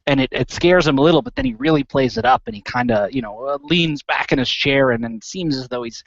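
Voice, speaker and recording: A man describes his character's antics in a tabletop game, stumbling through restarts and fillers. His voice is mid-pitched. The recording is muffled and dry, with no room sound. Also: big pitch swings, a little fast, vocal fry, no echo. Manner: rambling, many fillers and restarts. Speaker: player.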